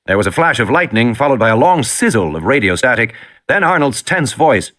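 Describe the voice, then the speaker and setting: A man reading an audiobook in an expressive, dramatic narration. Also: medium pitch, brisk.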